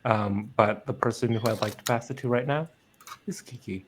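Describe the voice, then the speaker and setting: A man's voice: medium pitch, moderate pace, slight background noise. A man introducing himself as a player on a tabletop stream, easygoing and friendly. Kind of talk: casual stream chat.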